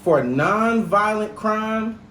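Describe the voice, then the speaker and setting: A man's voice: high-pitched, lively intonation, takes it slowly, sharp tone, echoey room, slight background noise, poor audio. A young man co-hosting a podcast, talking in a heated, emphatic and profane way. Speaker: podcast co-host. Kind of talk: casual podcast chat.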